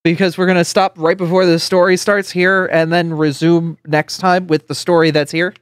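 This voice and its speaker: A woman's voice: on the low side, level tone, moderate pace, clear, resonant tone, dry recording. Chatty woman streamer with a dry voice. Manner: friendly, rambling with fillers and repeated words. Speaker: streamer and host. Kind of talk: casual live-stream chat.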